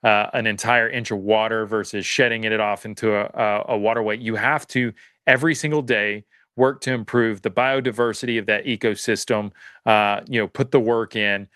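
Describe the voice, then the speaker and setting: A man with a bright, crisp voice talks as a guest on a podcast, earnest and motivational. He reworks his sentences as he goes and pushes the point about doing the work yourself. The recording is dry and close. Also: fairly low pitch, steady tone, moderate pace, dry recording. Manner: earnest, motivational, thinks aloud with many restarts. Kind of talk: casual interview talk.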